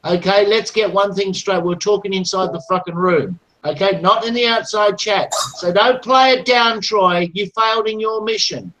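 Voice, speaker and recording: A man's voice: sits high, normal speed, hardly any pauses, a bit bright, poor audio. A man in a heated online voice chat, taunting and swearing aggressively. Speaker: chat room participant.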